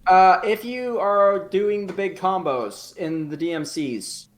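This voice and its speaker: A man's voice: high voice, takes it slowly. A man chatting as a guest on a casual podcast. He sounds offhand and easygoing, swears here and there, and pokes fun at himself when he forgets things. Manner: offhand, swearing, self-deprecating. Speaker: podcast guest, game modder.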